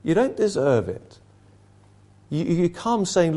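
A man's voice: high-pitched, sing-song, slow, pauses often, warm tone. A man preaching an impassioned sermon, asking rhetorical questions and repeating phrases for emphasis.

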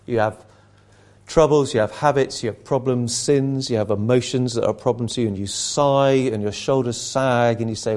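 A man's voice: mid-range voice, moderate pace, darkish tone. A man preaching an impassioned sermon, asking rhetorical questions and repeating phrases for emphasis.

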